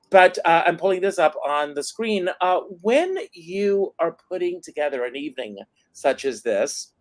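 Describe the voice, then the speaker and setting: A man's voice: fairly high pitch, no echo. A man hosting a casual interview over a video call, talking enthusiastically about his guest's upcoming events. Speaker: talk show host.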